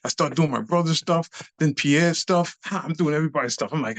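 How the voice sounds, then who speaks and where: A man's voice: fairly high pitch, quick pace, hardly any pauses, fairly bright tone, dry recording. A middle-aged man, a guest on an interview show, telling a story animatedly, swearing freely in street slang and acting out scenes with beats and sound effects.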